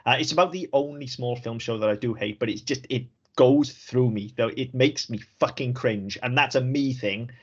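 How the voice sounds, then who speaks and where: A Welsh man in casual podcast chat, frank and sweary, laughing easily as he talks. His voice sits at an ordinary middle pitch. The recording is a little dull and lo-fi. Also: moderate pace, few pauses. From Wales. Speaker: podcast co-host. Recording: slightly dull lo-fi audio.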